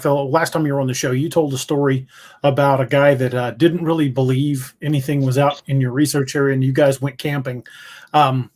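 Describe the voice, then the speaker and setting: A man with a slightly high voice hosts a podcast. He asks his guest questions in a casual, conversational way. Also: a little mellow. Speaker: podcast host. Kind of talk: casual interview.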